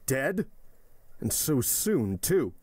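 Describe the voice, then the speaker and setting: A man's voice: fairly low pitch, fairly quick, a little mellow, no room sound, close to an everyday voice. A man voicing a shaken, alarmed magistrate. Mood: shocked. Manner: alarmed, agitated questioning. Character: anxious, shaken middle-aged male magistrate.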